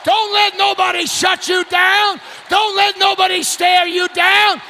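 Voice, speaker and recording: A man preaching a fiery revival sermon, shouting and whooping in a folksy, rousing way. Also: very high voice, flat delivery, a little slow, vocal fry, a faint crowd. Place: church sanctuary.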